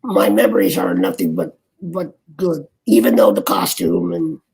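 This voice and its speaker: Older man, gravelly and husky, halting interview chat, voice leaps up and down. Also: fairly low pitch, sing-song, darkish tone, rough recording. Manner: rambling, halting, many restarts. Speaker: actor guest. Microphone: video call.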